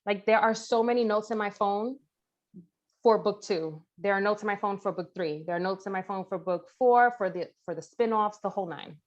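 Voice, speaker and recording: A woman's voice: medium pitch, normal speed. Chatty woman author, dull lo-fi sound. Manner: chatty, eager, repeats herself. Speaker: author guest. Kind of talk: casual chat.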